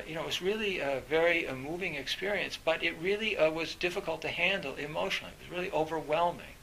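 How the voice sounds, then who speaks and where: A middle-aged man, a university professor, giving a reflective talk in a halting way, with many fillers and restarts. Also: fairly high pitch, bright, forceful tone, slight background noise, low-quality recording.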